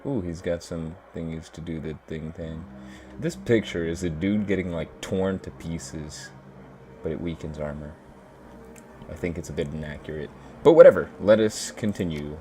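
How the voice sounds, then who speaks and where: A man's voice: low-pitched, normal speed, warm tone, slight background noise. A man hosting a gaming video, chatting casually and reading game text aloud in a laid-back way. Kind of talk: casual let's play commentary and reading.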